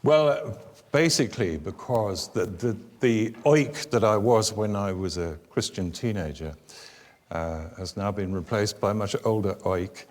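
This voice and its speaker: A man's voice: fairly low pitch, a little slow. Older UK man, author, wry self-deprecating storyteller, reverberant church hall. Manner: wry, self-deprecating, building to animated exasperation. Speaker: author and guest speaker. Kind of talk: humorous storytelling talk. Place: church venue before an audience.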